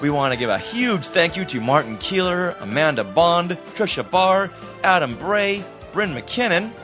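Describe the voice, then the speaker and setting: A man from the Boston area co-hosting a podcast in casual chat, enthusiastic and quick to laugh. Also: high voice, expressive, over music. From Boston area, USA. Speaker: podcast co-host.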